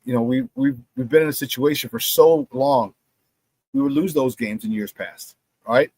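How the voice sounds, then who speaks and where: A man's voice: mid-range voice, normal speed, vocal fry, husky, no echo. A man hosting a casual sports talk show, plugging merchandise and telling stories while acting out the quotes. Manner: animated storyteller, acts out quotes.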